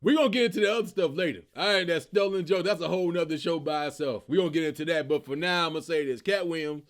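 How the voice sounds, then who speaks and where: A man hosting his own comedy show, giving casual, animated commentary and telling stories, laughing and slipping into character voices. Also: a little high, quick pace.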